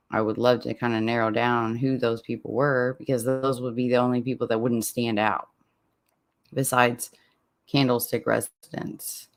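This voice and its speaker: A man hosts a laid-back true crime podcast Q&A in a middle-pitched, everyday voice. He talks in loose, meandering bursts, restarting sentences and wandering off on tangents before pulling himself back. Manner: rambling, self-interrupting, laughs at himself. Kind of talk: casual Q&A chat with listeners.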